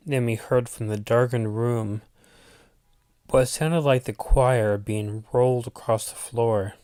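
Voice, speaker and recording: A man reading a spooky story aloud as its narrator, in a deliberate manner with the odd aside to his listeners. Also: mid-range voice, darkish tone, no room sound, clean studio sound. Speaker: channel host reading his own story.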